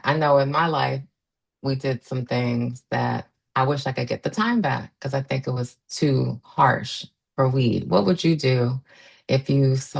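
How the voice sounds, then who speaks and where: Creaky low-voiced woman podcast host. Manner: rambling, thinking aloud. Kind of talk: interview question.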